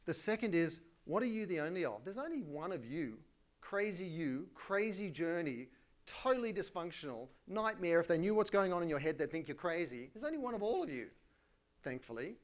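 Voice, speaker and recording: A middle-aged Australian man giving a live conference keynote, energetic and colloquial, with self-deprecating asides. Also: high voice, brisk. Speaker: keynote speaker.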